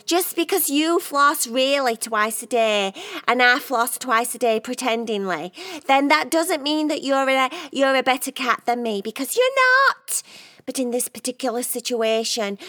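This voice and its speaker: A woman's voice: high-pitched, expressive, unhurried, sharp tone, exaggerated voice. A woman voicing a dramatic, exaggerating female cat in a children's bedtime story.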